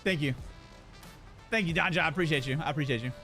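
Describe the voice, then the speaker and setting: A man's voice: a little high, fast, faint music behind. A young man chatting casually on a game live stream, telling stories with playful jokes and acted-out voices. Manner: animated storyteller who acts out voices and jokes.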